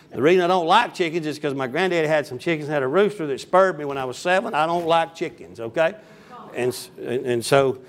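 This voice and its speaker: A preacher in his fifties, his voice sitting a touch higher than most men's. He reads scripture aloud and then drifts into rambling, funny down-home stories. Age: 50s. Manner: rambling down-home storytelling with humorous asides. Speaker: pastor. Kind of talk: folksy sermon with scripture reading.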